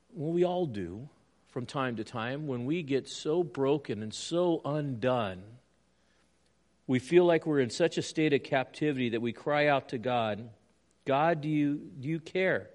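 A middle-aged man preaching a sermon in an earnest way, moving between quiet reflection and emphatic points. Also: medium pitch. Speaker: pastor.

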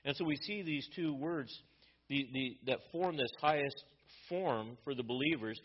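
A man's voice: medium pitch, moderate pace, dull audio. A male pastor giving an explanatory sermon, teaching from a Bible letter with frequent restarts.

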